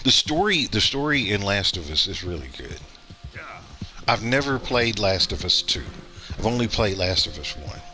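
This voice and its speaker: Male streamer, lowish pitch with a bright, forceful edge; casual rambling play-along commentary. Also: sing-song, moderate pace. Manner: rambling, thinks aloud with fillers and restarts. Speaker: gaming streamer.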